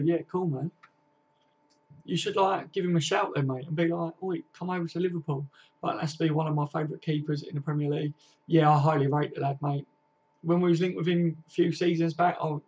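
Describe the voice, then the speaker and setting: A man's voice: a little high, a little mellow. A man hosting a casual football fan live stream, reading viewer comments and chatting in a slangy, friendly way, calling everyone mate and lads. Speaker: football fan channel host.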